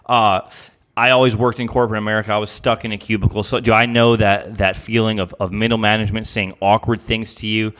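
Male podcast co-host, fast and eager, casual slangy chatter. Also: on the low side, little pitch movement, a bit bright. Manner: enthusiastic, casual, peppered with "bro". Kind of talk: casual chat.

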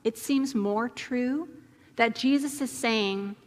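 Woman pastor, slow and gentle preaching, slightly high voice, long hall reverb. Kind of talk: sermon with prayer.

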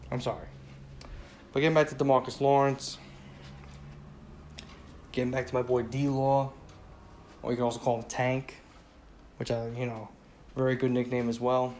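A man rants about his team on his own, speaking in a middle pitch with loose, rambling sentences. He leans on "you know" over and over and swears freely once he's riled up. A faint hiss sits under the recording. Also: darkish tone. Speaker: sports fan podcaster. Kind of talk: casual solo sports rant.

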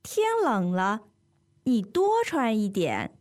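A woman's voice: mid-range voice, wildly swooping pitch, slow, darkish tone. A woman playing a firm, insistent parent. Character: insistent parent telling a child to dress warmly. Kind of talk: scripted language-lesson dialogue.

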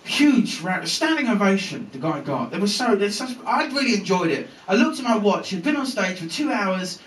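A man's voice: high-pitched, sing-song, normal speed, a bit bright, reverberant, recorded from a distance, poor audio. A man performing a live stand-up routine at a comedy venue, swearing freely and acting out the characters in his stories.

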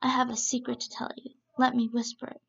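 A sly male rabbit from a children's storybook, polite and smug as he plots against his customers, read by a woman. The voice sits fairly high with a heavy gravelly crackle. The recording is dull and lo-fi. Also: completely flat delivery, fairly quick, full character voice. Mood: confiding.

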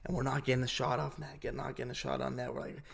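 A young man hosting a podcast, chatting casually and telling stories in an animated way. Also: mid-range voice, quick pace, gravelly, breathy edge. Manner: animated storytelling with laughs. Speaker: podcast host. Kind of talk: casual interview chat.

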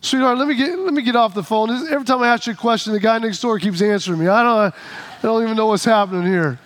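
A man's voice: high-pitched, fast talker, fairly bright tone. A man voicing a tired trucker calling his wife from a rest-stop stall, casual and puzzled.

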